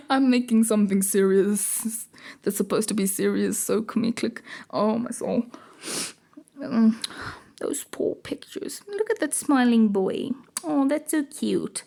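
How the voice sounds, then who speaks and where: Woman, slow and giggly, high-ish voice, chatty read-along. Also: sing-song, vocal fry, mellow. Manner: giggly, chatty, self-mocking asides. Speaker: comic book reader. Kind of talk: casual read-along with commentary.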